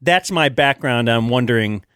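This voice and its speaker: A middle-aged talk show host sets up a long, rambling question in casual chat. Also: male voice, medium pitch, expressive, moderate pace, fairly bright tone, smooth, no echo, studio quality.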